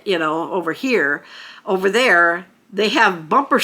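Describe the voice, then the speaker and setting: A woman's voice: mid-range voice, unhurried, sharp tone. An American woman talking casually to camera as a vlogger, chatty, with frequent fillers and small laughs. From United States.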